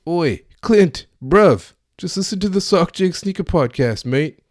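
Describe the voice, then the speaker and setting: A brash, loud British bloke in a cartoonish cockney voice, as a podcast host puts him on, pitched far higher than a natural speaking voice. The mock accent wobbles toward Australian, and the delivery stays exaggerated and blustery. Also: male voice, lively intonation, unhurried, no room sound, studio quality. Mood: chummy. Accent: mock British, drifting toward Australian. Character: caricatured brash British man complaining about fake sneakers.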